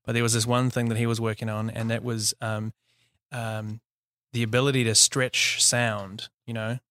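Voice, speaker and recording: A man with a New Zealand accent, a company founder telling his story in a relaxed interview, laughing easily and pausing on fillers. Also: medium pitch, no echo. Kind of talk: casual interview.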